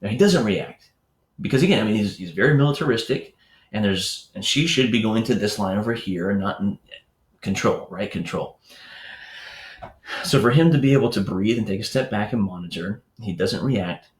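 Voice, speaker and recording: A man's voice: lowish voice, lively intonation, moderate pace, echoey room, slight background noise. A man hosting a morning enrichment show, talking casually to parents and telling stories with lots of fillers and asides. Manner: conversational, storytelling with filler words and asides. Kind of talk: casual teaching talk to parents.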